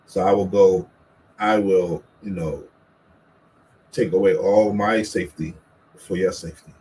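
A man's voice: low voice, fairly even intonation, measured pace, darkish tone, slight background noise, poor audio. A man talking casually with his wife about marriage, earnest and teasing, acting out what each of them says. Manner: earnest, plays the quotes of both spouses in a raised voice; playful teasing. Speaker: co-host, husband.

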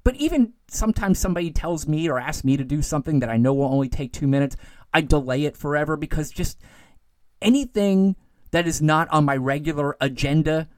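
A man hosts his own podcast and talks straight into the mic. His delivery is casual and animated, and his voice climbs high when he gets worked up. The sound is dry, with no room around it. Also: a little fast, no echo. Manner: animated, ranting, gets worked up then calms. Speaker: podcast host. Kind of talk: solo political commentary podcast.

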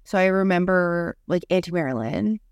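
Woman, podcast host, casual storytelling, gravelly fry, close dry sound. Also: lowish voice, normal speed, no echo, lo-fi sound. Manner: chatty, heavy use of "like".

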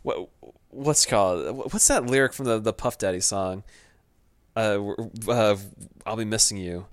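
A man's voice: lowish voice, a little slow, dry recording. A young man co-hosting a podcast, chatting casually and joking with frequent laughs. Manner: joking, laughs often, tries goofy voices. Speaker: podcast co-host. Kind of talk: casual chat.

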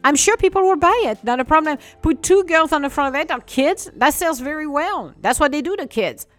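An indignant woman rants at a company, scolding it in an animated monologue. Her fairly high voice jumps up and down as she speaks a little fast, her English phrasing slightly non-native. Soft music plays faintly behind her, with no echo.

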